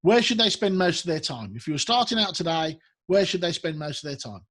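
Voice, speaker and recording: A male interview host with a broad Brummie accent. His voice sits a touch higher than most men's. He talks with bubbly enthusiasm, stacks up fillers and repeats himself. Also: lively intonation, a little fast, fairly bright tone. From Birmingham, England. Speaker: talk show host. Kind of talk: casual interview chat.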